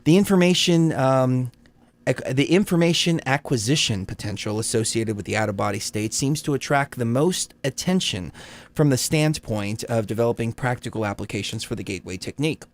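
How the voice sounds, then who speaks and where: A man co-hosting a casual live stream, joking with chat, laughing often and reading a document aloud haltingly. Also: mid-range voice, expressive, dry recording. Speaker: livestream co-host.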